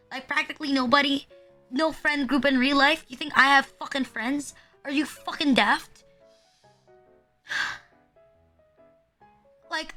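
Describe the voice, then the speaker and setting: Nervous twenties woman streamer, high and bright, swears and rambles self-deprecatingly. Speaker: VTuber streamer. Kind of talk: casual live-stream chat.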